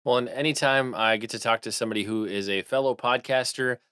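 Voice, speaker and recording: Fast-talking podcast host man, dry sound. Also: mid-range voice, pushed and bright, smooth, no room sound. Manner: polished, scripted host wrap-up. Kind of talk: podcast interview.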